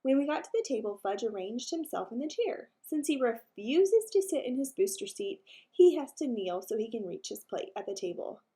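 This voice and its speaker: A woman teacher reading a children's book aloud, expressive storytelling. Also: high-pitched, normal speed, few pauses.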